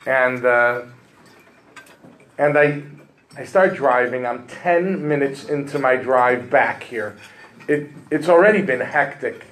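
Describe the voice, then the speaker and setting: A middle-aged man, a rabbi, telling a funny story in an animated way as he opens a sermon. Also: mid-range voice, takes it slowly, pauses often, poor audio. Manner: humorous, animated storytelling with rising emphasis. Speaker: rabbi giving a drasha.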